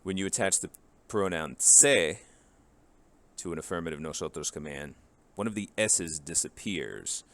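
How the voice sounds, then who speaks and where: Very deep-voiced man teaching a lesson. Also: a bit bright. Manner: casual and joking, drills forms one by one. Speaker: Spanish teacher. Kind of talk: recorded grammar lesson.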